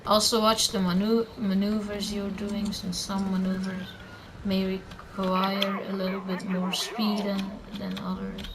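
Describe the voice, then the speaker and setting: A teenage girl under eighteen rambles through casual gameplay commentary, handing out tips with plenty of fillers and self-corrections. Her medium-pitched voice is fairly flat and a little slow, with few pauses, over a noisy background.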